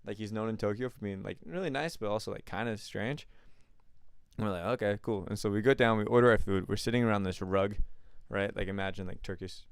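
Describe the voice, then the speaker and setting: A man's voice: on the low side, quick pace, creaky, clean tone, no echo, clean studio sound. A young man telling a story in a casual podcast chat, laughing often and acting out quotes. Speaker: podcast co-host.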